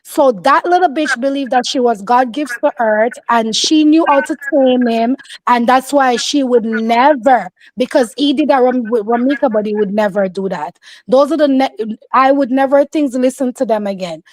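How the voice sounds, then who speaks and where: A woman's voice: on the high side, normal speed, a little mellow, a little hiss or hum. A woman giving casual, opinionated commentary, emphatic and insistent, acting out the voices of people she quotes.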